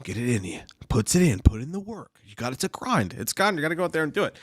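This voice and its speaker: A man's voice: fairly high pitch, big pitch swings, fast talker, no room sound, clean studio sound. A man co-hosting a casual live stream, rambling and swearing as he reads viewer comments. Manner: profane, rambling, lots of restarts. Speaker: podcast co-host reading live chat.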